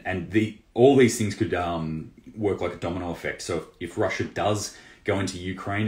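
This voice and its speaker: Deep-voiced man talking news. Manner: loose and conversational, many fillers and restarts. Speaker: prepping channel host. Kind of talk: casual news commentary. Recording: roomy echo.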